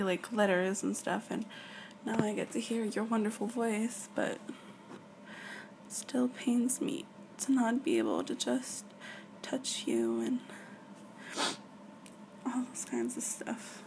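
A woman in a whispered role-play as a girlfriend on a video call, talking softly and affectionately and often dropping to a whisper. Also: mid-range voice, lively intonation, measured pace, vocal fry, slight background noise.

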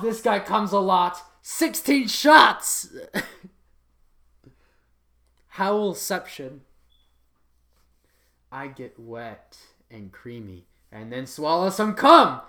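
A mid-range, somewhat bright voice belongs to an adult comically reading out a list of titles. Mock seriousness gives way to laughter again and again, and at times the reading turns into an announcer impression.

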